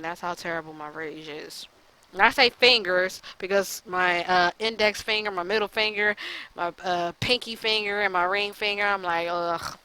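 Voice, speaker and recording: A woman's voice: fairly low pitch, sharp tone, clear, resonant tone, poor audio. A frustrated woman vlogging a blunt, profane rant to her followers about quitting, talking casually with lots of fillers. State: upset and fed up. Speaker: gaming YouTuber.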